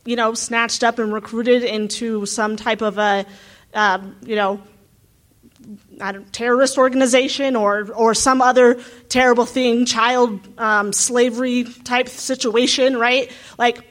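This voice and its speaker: A woman's voice: fairly high pitch, fairly even intonation, unhurried. A woman, a graduate student from the United States, talking earnestly and thinking aloud with frequent asides. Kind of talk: reflective talk.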